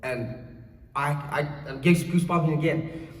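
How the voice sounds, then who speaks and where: A man in his thirties with a New Zealand accent, telling lively stories as a guest on a convention panel. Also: on the high side, normal speed. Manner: lively, laughing, acts out voices. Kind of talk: animated storytelling. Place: large convention hall. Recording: echoey hall from far off.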